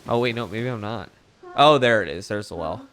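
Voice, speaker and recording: A man's voice: on the low side, lively intonation, brisk, a bit bright, a little hiss or hum. A man playing a video game and thinking aloud in casual commentary, often trailing off mid-sentence. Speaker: gamer streamer. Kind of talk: casual let's-play commentary.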